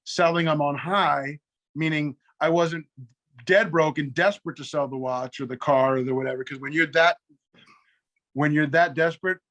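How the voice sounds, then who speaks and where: A middle-aged man with a voice a touch higher than most men's spins a long story in loose, casual talk. He swears freely and jumps quickly between his own lines and the other people's replies. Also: fairly even intonation, fairly bright tone. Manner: profane, rapid anecdotes with quoted back-and-forth. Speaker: guest.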